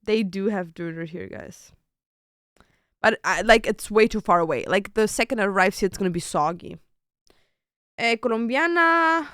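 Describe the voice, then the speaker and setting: A woman's voice: medium pitch, normal speed, fairly bright tone, no room sound, clean studio sound. A young woman streamer chatting casually with her viewers, thinking aloud and swearing now and then as she picks food to order.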